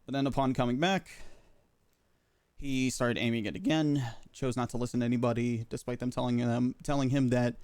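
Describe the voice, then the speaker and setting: A man playing a medic in a roleplay game, recounting events in character, pausing often with fillers as he talks. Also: medium pitch, steady tone, a little mellow, clear, resonant tone, no echo. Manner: halting, filler-heavy recounting. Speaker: roleplay medic giving a statement.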